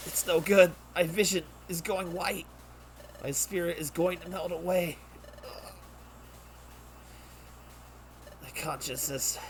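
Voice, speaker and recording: A man's voice: on the high side, background noise, close to an everyday voice. A man voicing a serious, brave male gecko creature from a game, reading its lines aloud with drama. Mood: fading.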